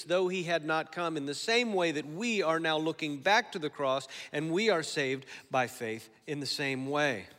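Pastor, man, bright forceful voice, preaching in a reverberant church hall, shifts from hushed to loud. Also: on the high side. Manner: swings from soft and slow to loud and emphatic. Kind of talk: sermon. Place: church sanctuary.

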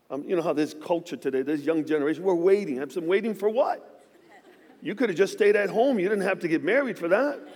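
A man in his fifties, a guest pastor, preaching a sermon in a church with lively, joking storytelling. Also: on the high side, in a large hall. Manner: animated storytelling with joking asides. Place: church sanctuary.

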